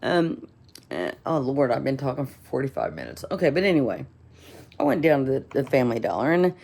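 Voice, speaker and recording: A woman's voice: a bass voice, very animated, fairly quick, gravelly, darkish tone. A woman telling a rambling, indignant story in a casual vlog, full of fillers and restarts. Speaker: vlogger.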